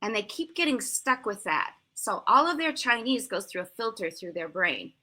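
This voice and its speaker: An American woman in her sixties, a language teacher, giving lively, emphatic explanations as an interview guest. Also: mid-range voice, moderate pace. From United States. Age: 60s. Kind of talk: conversational interview answers.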